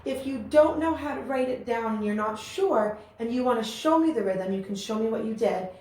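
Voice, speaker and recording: A woman's voice: on the high side, expressive, fairly quick, darkish tone. A woman teaching a music lesson, explaining rhythms and chanting rhythm syllables aloud with encouragement. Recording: very echoey room with faint ambient noise.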